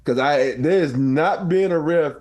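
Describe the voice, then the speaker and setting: A man's voice: a little high, slow, darkish tone. A man giving blunt, emphatic basketball opinions in casual podcast chat. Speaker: podcast co-host.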